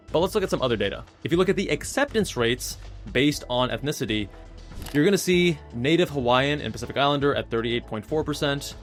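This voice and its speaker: A man's voice: mid-range voice, a bit bright. A man in his thirties, a YouTube host and doctor, talking casually as he walks through admissions statistics step by step. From South Asian heritage. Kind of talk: casual explainer talk.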